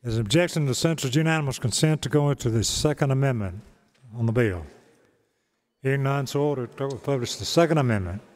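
Firm presiding officer running the session. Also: male voice, mid-range voice, quick pace, darkish tone. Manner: firm, procedural. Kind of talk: chairing a session. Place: legislative chamber. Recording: long hall reverb.

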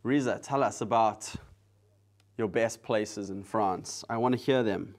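A man hosting a live drawing stream, chatting casually with viewers in a soft, relaxed way while he works. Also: on the low side, unhurried. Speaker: live-stream artist host.

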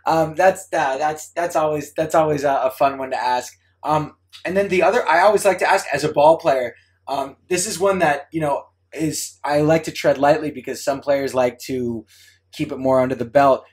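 A man hosts a casual podcast interview, friendly and relaxed. He often restarts his phrases while he puts his questions to the guest. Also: a little high, normal speed. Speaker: podcast host.

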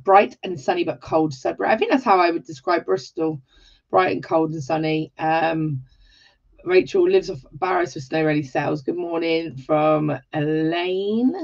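An English woman from England, hosting a live jewellery tutorial in a warm, chatty way, greeting viewers by name and exclaiming often. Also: sits low, gravelly. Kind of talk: chatty livestream talk. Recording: slightly dull livestream audio.

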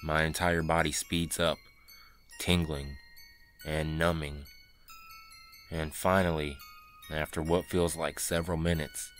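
Very deep, flat-voiced horror narrator. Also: male voice, takes it slowly, long pauses, soft background music. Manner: tense, dramatic first-person storytelling.

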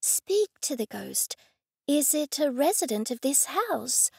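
A friendly young witch voiced by a woman reading an audiobook talks in a high, gentle voice. She takes her time and sounds patient and a little pleading. The recording is close and dry. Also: very animated, creaky, dry recording, heavily acted. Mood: earnest, gentle. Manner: gentle, slow and pleading, sometimes hushed.

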